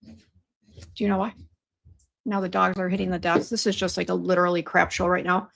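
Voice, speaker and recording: A woman's voice: on the low side, flat delivery, normal speed, creaky, fairly bright tone. A middle-aged woman hosting a casual livestream from her home office, chatty and easily flustered as she talks straight to her viewers. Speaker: skincare formulator hosting a live show.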